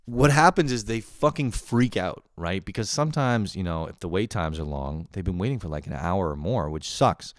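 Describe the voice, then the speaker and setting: A man's voice: low voice, animated, moderate pace, few pauses, no room sound, studio quality. A young man casually telling funny work stories on his podcast, swearing and laughing, breaking into squealing impressions. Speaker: podcast host. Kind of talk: casual solo storytelling.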